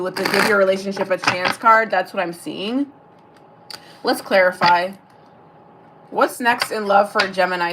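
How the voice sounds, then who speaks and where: A woman's voice: mid-range voice, very noisy. A woman giving a casual live-streamed tarot reading. She chats, swears freely and answers viewer comments aloud between card pulls. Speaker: tarot reader.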